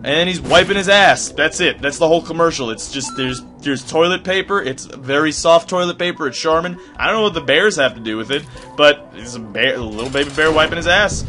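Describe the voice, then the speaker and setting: A young man giving casual gameplay commentary, rambling off-topic and swearing, with sudden loud outbursts. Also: fairly high pitch, fairly quick, few pauses, faint music behind.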